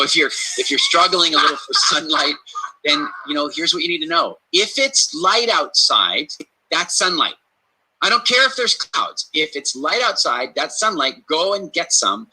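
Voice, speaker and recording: Podcast man, emphatic and punchy, very bright tone with a husky edge. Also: medium pitch, rough recording. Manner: emphatic, repeats key phrases for stress; storytelling, acts out quoted reactions. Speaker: podcast speaker giving health advice. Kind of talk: energetic conversational podcast talk.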